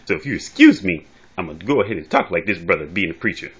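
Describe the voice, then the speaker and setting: Boastful teasing comedian, animated delivery, dull phone audio. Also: male voice, fast talker, slightly rough. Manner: boastful, teasing banter with lively pitch swings. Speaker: amateur comedian. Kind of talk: comic impressions and trash talk.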